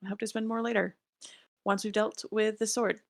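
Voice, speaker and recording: A woman voicing a curious, restless young woman adventurer in a tabletop game, in a soft, earnest everyday tone. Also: medium pitch, little pitch movement, brisk, creaky, no room sound, natural voice.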